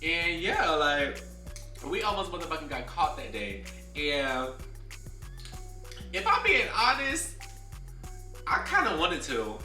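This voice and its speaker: A man's voice: fairly high pitch, sing-song, slow pace, pauses often. A young man telling a personal story in a casual storytime, sassy and dramatic, swearing freely. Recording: roomy, from a distance, faint music.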